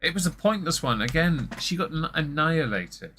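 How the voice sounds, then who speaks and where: A man's voice: a little high, lively intonation, moderate pace, bright, forceful tone, a little hiss or hum. A man from southern England with a posh southern English accent, co-hosting a casual political commentary chat, wry and chatty with a slight stammer now and then. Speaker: podcast co-host.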